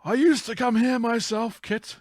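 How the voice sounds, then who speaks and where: A man's voice: very high-pitched, steady tone, a little slow, no echo, clean studio sound, voice pushed up. A man voicing a wise, older male ghostly mentor in a raised, earnest storytelling voice.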